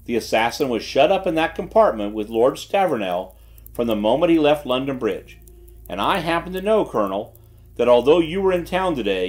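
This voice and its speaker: A man voicing a shrewd gentleman detective who speaks quietly and with calm assurance. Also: mid-range voice, natural voice. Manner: quiet, measured, self-assured.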